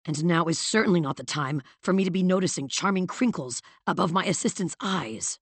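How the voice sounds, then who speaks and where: A woman's voice: fairly low pitch, a little fast, slightly rough, no echo. A woman reading an audiobook and voicing a sardonic, dry-witted male villain with wry, clipped retorts. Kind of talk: audiobook character voice.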